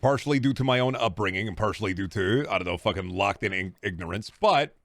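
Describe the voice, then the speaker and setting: A man's voice: lowish voice, quick pace, fairly bright tone, no echo. A young man from Texas, ranting sarcastically and profanely during a casual stream chat.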